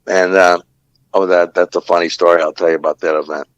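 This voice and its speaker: A man's voice: deep voice, flat delivery, fairly quick, dry recording, lo-fi sound. A man, a former ring announcer, telling rambling fight stories on a podcast with many fillers and curses. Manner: rambling anecdotes with frequent fillers and profanity. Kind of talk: casual storytelling.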